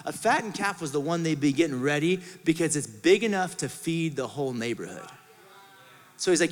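A middle-aged man, a pastor, preaching a sermon in a church auditorium, acting out voices and swinging between shouts and hushed asides. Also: on the high side, animated, a little fast. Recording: large hall with long reverb.

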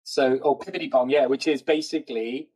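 A man's voice: mid-range voice, fairly even intonation, brisk, a little mellow, breathy edge, poor audio. Chatty Welsh man, rambling and friendly. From South Wales. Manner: chatty, rambling with many fillers and restarts. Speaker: guest, IT collaboration lead. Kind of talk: casual podcast chat.

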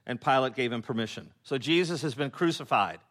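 A man preaching a sermon as a pastor, acting out biblical characters with laughing asides and dropping to a hush on solemn points. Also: medium pitch. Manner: animated storytelling, acting out voices of biblical figures, laughing asides; drops to a hushed, slow tone on solemn points.

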